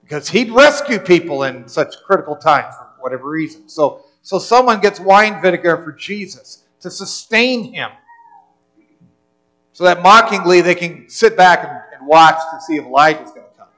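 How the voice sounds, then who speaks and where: Male pastor with a high voice, earnest sermon delivery. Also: moderate pace, fairly bright tone, soft background music, poor audio. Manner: earnest preaching, repeats words when restarting.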